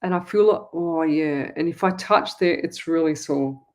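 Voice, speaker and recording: A woman's voice: sits low, moderate pace, a little mellow. Chatty woman giving psychic readings. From Australia. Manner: rambling, chatty, many restarts, talks straight to viewers. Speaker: psychic medium host. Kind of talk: live call-in psychic reading show.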